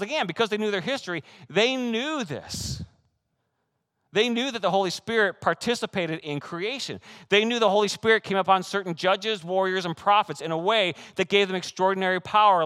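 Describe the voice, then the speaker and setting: A male pastor delivering a sermon, his voice sitting a little higher than most men's. He preaches with animated, excitable energy, slipping into quoted voices and light laughs as he goes. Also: smooth.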